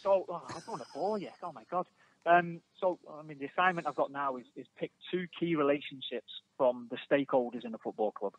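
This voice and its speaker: A man's voice: a little high, a little fast, rough recording. A man calling into a podcast as a guest, chatting casually and making fun of himself. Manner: self-deprecating, chatty. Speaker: phone guest, former footballer. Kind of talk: casual chat.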